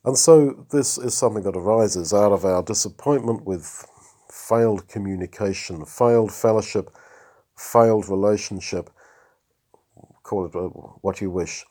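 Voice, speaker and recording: A man giving a reflective sermon on a Bible passage, rising for emphasis between pauses. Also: lowish voice, mellow. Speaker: preacher.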